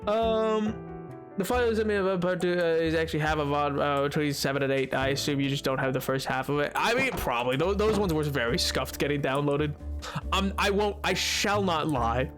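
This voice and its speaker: Playful guy streaming a game, bantering with chat, high lively voice, faint music behind. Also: brisk. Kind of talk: casual gameplay commentary.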